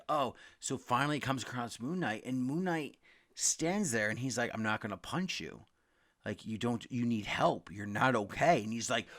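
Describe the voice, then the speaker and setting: A young man talking casually about comics, rambling, swearing freely and loudly acting out quotes. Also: medium pitch. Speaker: comic book podcast host. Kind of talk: casual comic review rant.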